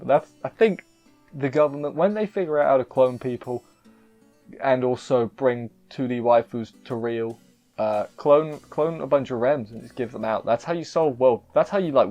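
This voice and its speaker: A man with a mid-range voice reviews an anime episode in casual chat, and the recording sounds muffled. He rambles emotionally and often cuts himself off mid-sentence.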